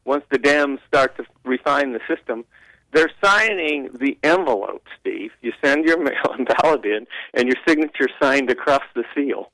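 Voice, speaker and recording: A man's voice: medium pitch, expressive, moderate pace, a bit bright, no echo, low-quality recording. A man, a regular guest on a talk radio show, giving opinionated commentary with mocking asides. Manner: opinionated, mocking quoted voices, rambling restarts.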